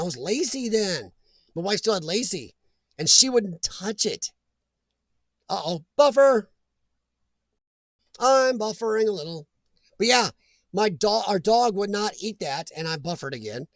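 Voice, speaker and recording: An American man with a high, light voice rambles through a casual live chat. He drifts between stories and greets viewers from the chat as he goes. The sound is dry and close, with no room around it. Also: no echo. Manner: rambling, chatty, reads chat aloud. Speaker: live stream host.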